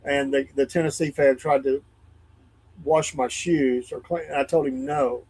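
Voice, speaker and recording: An older man in casual chat, telling stories animatedly and getting louder and higher when riled. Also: steady tone, measured pace, slight background noise, low-quality recording. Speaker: co-host.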